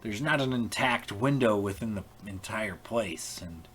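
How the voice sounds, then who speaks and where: A man narrating a tabletop role-playing game as game master online, halting, with many fillers and restarts. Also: lowish voice, fairly bright tone. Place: home, online call.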